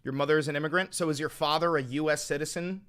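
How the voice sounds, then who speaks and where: A man hosting a live stream, arguing with callers in a heated, profane way, swinging from calm questioning to loud outbursts. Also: fairly high pitch, fast talker, smooth.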